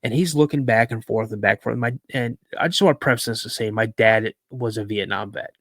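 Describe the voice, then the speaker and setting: A man on a podcast as a guest, recounting a personal encounter as a lively storyteller who repeats words for emphasis. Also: mid-range voice, brisk, no echo, clean studio sound.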